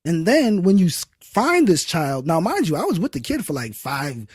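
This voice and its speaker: A young adult man co-hosting a casual podcast chat, an animated storyteller who acts out the people he quotes. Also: a little high, moderate pace, slightly rough, no room sound, studio quality. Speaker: podcast co-host.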